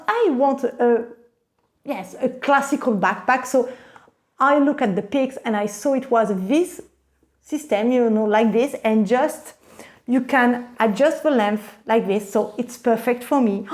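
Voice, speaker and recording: A woman's voice: a little high, a little mellow. A woman, gushing and gasping with delight as she unboxes bags in a casual vlog. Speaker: vlogger.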